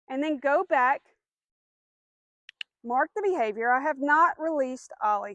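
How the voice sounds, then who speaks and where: High-voiced woman teaching dog commands. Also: no echo. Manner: clear, patient explaining, firm short commands to the dog. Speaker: dog trainer. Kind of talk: instructional demonstration.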